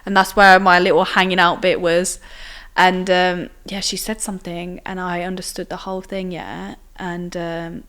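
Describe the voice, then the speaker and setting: A woman's voice: on the low side, flat delivery, normal speed, fairly bright tone, clean tone. A young woman from Italy, telling her story as a podcast guest in a chatty way, full of fillers. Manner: chatty, many fillers and acted quotes. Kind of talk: casual interview storytelling.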